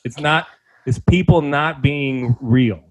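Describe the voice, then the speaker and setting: A man's voice: medium pitch, takes it slowly, rough recording. A young man from the South Bronx, co-hosting a podcast in a sarcastic, ranting chat. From South Bronx, New York. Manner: ranting, sarcastic, mocks slang in put-on voices. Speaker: podcast co-host. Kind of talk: casual comedic chat.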